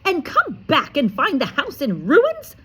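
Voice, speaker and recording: A woman voicing a fussy, snappish middle-aged aunt in a shrill, sharp voice, reading a storybook aloud. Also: big pitch swings, slow pace, heavily acted.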